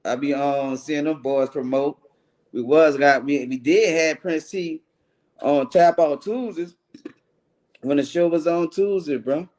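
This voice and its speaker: A man's voice: on the high side, unhurried, darkish tone. A man hosting a casual livestream show, greeting viewers by name in loose slangy banter.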